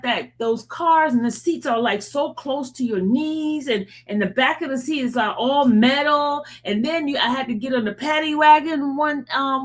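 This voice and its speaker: A woman hosting a live stream in casual chat, joking, laughing often and talking to viewers in the chat by name. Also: high voice. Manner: drawn-out yawns and sighs. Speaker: livestream host.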